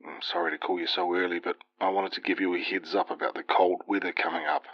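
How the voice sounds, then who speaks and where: A man voicing a caring middle-aged father who speaks softly and hesitantly over the phone. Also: sits low, very animated, fast, gravelly, no room sound, highs cut off, exaggerated voice. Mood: gentle. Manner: soft-spoken, hushed and hesitant.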